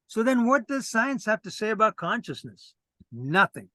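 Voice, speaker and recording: A man's voice: high-pitched, very animated, normal speed, bright, forceful tone, no room sound. A man presenting a lecture from a script, earnest and lecturing, with casual asides to a co-host.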